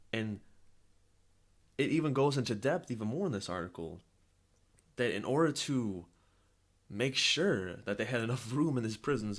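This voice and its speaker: A young man hosting a podcast, delivering a heated, profane political rant and repeating his points. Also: lowish voice. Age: young adult. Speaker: podcast host.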